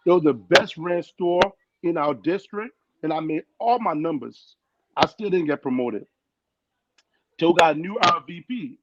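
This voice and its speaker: A young man with a foreign accent tells his story on a podcast, earnest and animated, acting out the people he quotes. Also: fairly high pitch. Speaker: guest. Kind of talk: casual storytelling. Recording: dull lo-fi sound with loud noise.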